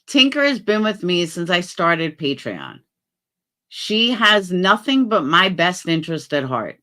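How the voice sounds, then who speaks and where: A very animated woman runs a casual livestream, reading viewer comments aloud and answering with blunt, sweary remarks. Her voice darts between low muttering and sudden loud outbursts.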